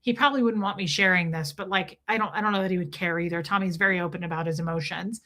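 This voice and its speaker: Middle-aged woman, livestream host, bright tone, chatty and heartfelt, breaks off to greet viewers. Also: on the low side, fast. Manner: chatty and emotional, greets viewers by name mid-story. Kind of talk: casual livestream chat.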